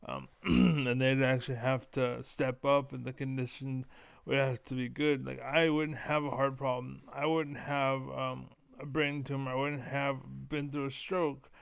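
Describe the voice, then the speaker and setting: A man streaming a casual, profane rant that rambles, with filler words repeated over and over and the throat often cleared. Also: mid-range voice, flat delivery, measured pace, no room sound.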